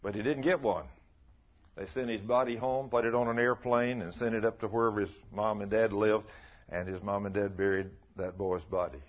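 A man's voice: fairly low pitch, steady tone, moderate pace. An older man preaching a folksy sermon, telling stories and asking his listeners questions. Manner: storytelling, asks the listeners questions. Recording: muffled lo-fi recording.

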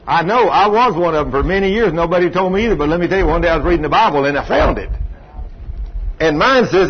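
A man's voice: on the high side, lively intonation, quick pace, slightly rough. A man preaching a sermon, telling stories and acting out the people in them in a folksy way. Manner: folksy storytelling preacher, acts out dialogue. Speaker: pastor. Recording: dull lo-fi recording with faint hiss.

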